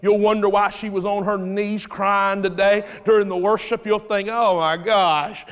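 A male preacher delivering a dramatic sermon, swinging between hushed storytelling and loud shouts, recorded in a church sanctuary. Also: sits high, fairly even intonation, measured pace, clear, resonant tone. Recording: reverberant church hall.

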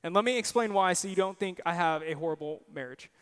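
Young guy preaching, high smooth voice, honest stories about his own faults, church echo. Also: quick pace, a bit bright. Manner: earnest, personal storytelling with self-deprecating asides. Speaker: pastor. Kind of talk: sermon.

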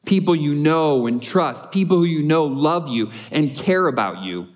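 A man's voice: fairly high pitch, expressive, normal speed. A male pastor preaching a sermon in an earnest, emphatic way, building on repeated short phrases.

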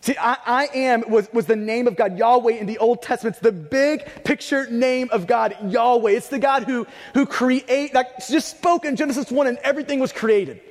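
A pastor delivering a conversational sermon, stumbling and restarting, with bursts of raised emphasis. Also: male voice, extremely high pitch, moderate pace, hardly any pauses, big-room sound.

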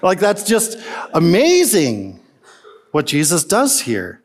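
A male pastor preaching a sermon, animated and emphatic, with many rhetorical questions to the congregation. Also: high-pitched, normal speed.

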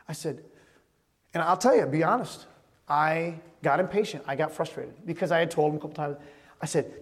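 A man preaching a sermon as pastor, telling stories in a conversational way and often dropping to a quiet voice. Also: high-pitched, brisk. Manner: conversational storytelling with sudden drops to quiet. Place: church sanctuary. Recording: long hall reverb.

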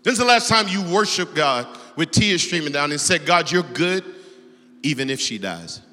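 A middle-aged male pastor preaching a sermon, swinging between loud, animated exhortation and hushed storytelling. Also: high-pitched, moderate pace. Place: church auditorium. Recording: long reverb of a large hall.

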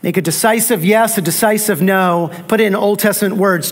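A man's voice: high-pitched, a little fast, hardly any pauses. A man. He drives his points home by repeating key phrases and asking the congregation rhetorical questions. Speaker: pastor. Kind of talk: sermon.

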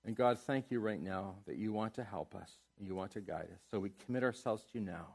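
A middle-aged man preaching a sermon as a pastor, moving between loud, emphatic exhortation and soft, tender prayer. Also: lowish voice, brisk, vocal fry, husky.

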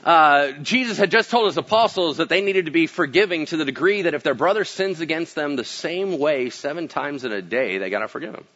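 A man delivers a casual, storytelling sermon from a church pulpit. His pitch jumps all over the place as he acts out quotes, swinging from booming to hushed. The recording is muffled and lo-fi. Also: expressive, fairly quick, few pauses. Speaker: pastor.

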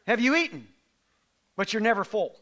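A middle-aged man preaching a sermon to a live congregation in a church, impassioned and building toward near-shouts. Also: high voice, big pitch swings, normal speed. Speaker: pastor.

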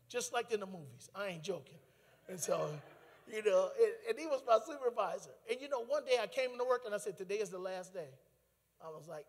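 Man, high voice, animated testimony preacher, reverberant hall. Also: fast. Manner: animated storytelling with laughter and asides. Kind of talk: testimony sermon.

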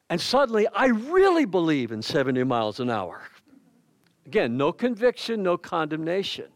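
An older male pastor preaches in a folksy, conversational way, mixing scripture with personal stories and gentle humor. His voice sits a little high for a man and comes through dry and close, with almost no room sound. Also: no echo. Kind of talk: sermon. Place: church.

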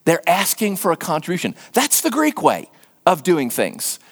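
Animated older male preacher, echoing hall. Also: fairly high pitch, moderate pace. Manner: animated, acts out quoted voices. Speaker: pastor. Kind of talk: sermon.

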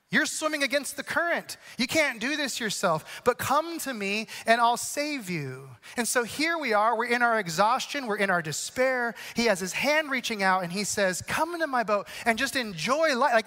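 High, bright-voiced man preaching. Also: big-room sound. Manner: animated storytelling with quick asides. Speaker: pastor. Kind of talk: sermon.

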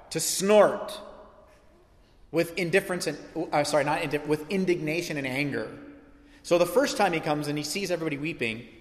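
A man preaching a lively, conversational sermon in a church sanctuary, his fairly high voice rising with emphasis. He breaks off into asides and restarts. The sound is roomy, with a long hall reverb trailing every phrase. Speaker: pastor.

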